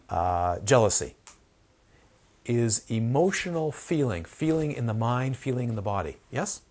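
A husky male voice, mid-range and darkish, teaches meditation in a dharma talk. Emphatic and repetitive, he hammers key words and sometimes drops to a whisper in quoted passages.

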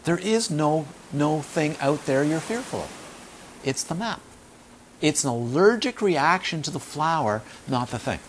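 A man's voice: a little high, measured pace, slight background noise. A man giving an informal dharma talk as a meditation teacher, telling stories with emphatic repetition and acting out the voices of people he quotes. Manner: animated storytelling, acts out quoted voices.

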